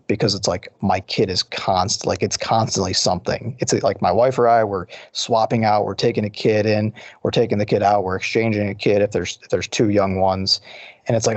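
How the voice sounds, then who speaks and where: A man's voice: on the low side, moderate pace, no room sound, lo-fi sound. A man co-hosting a casual podcast, earnest and conversational, often restarting his sentences. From Detroit area. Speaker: podcast co-host. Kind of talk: casual chat.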